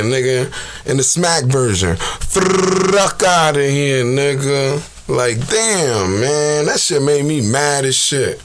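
A man's voice: mid-range voice, a bit bright. A man hosting his own show, delivering a heated, profane rant full of street slang and fillers. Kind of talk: casual ranting monologue.

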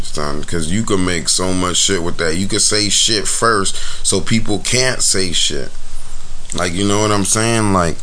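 A man's voice: low-pitched, a bit bright, slight background noise. A man hosting a casual podcast, giving blunt, profane, rambling commentary full of fillers and restarts. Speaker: podcast host reviewing rap battles.

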